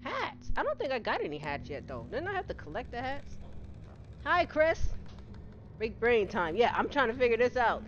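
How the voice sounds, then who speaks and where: Her pitch runs on the high side and her speed is normal as this middle-aged woman hosts a live game stream, laughing a lot and welcoming viewers by name in casual chat. The recording has the slightly dull quality of home-stream audio and a constant noise floor.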